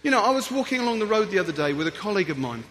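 A man giving a playful, animated talk to an audience as a guest speaker, acting out little scenes as he goes. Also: high voice, very fast. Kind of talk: lively motivational talk to an audience.

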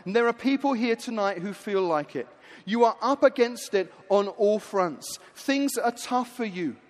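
A man with a very high voice preaches a sermon in a lively storytelling manner. He builds to rousing calls to the audience. The sound carries a long echo through a large hall. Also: a little slow.

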